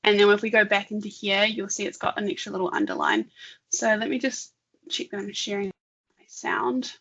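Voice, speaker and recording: A woman co-hosting an online talk, chatting casually and thinking aloud while demonstrating software, laughing often. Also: medium pitch, sing-song, a little fast, husky, lo-fi sound. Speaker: webinar co-host. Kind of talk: casual live demo chat.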